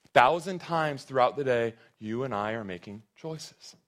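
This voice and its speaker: A man's voice: mid-range voice, lively intonation, normal speed, fairly bright tone. A man preaching a sermon to his congregation in an earnest, conversational way, often restarting his phrases. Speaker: pastor.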